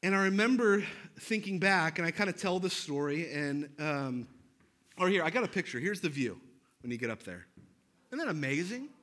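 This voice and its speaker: A man in his thirties, a pastor, preaching with a lively personal story and self-deprecating humor. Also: fairly high pitch, normal speed.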